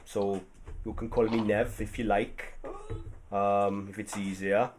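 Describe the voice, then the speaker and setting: A man voicing a sullen, resigned woman prisoner who speaks quietly and awkwardly. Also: fairly low pitch, little pitch movement, slow pace, background noise.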